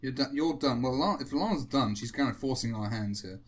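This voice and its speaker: A man's voice: mid-range voice, lively intonation, brisk, slight background noise. A man hosting a casual chat while drawing, rambling and self-mocking with frequent chuckles. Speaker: host.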